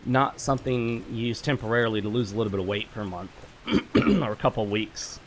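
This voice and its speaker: A man's voice: lowish voice, animated, a little fast, gravelly, a little hiss or hum. Blunt, rambling man talking over gameplay. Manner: blunt, opinionated advice-giving; rambling with frequent fillers and self-corrections. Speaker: gaming channel host. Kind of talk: casual commentary over gameplay.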